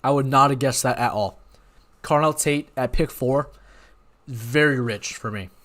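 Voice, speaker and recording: A young man hosting a live watch party, talking in a rambling, excitable way and often apologizing. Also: medium pitch, measured pace. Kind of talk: live-stream reaction chat.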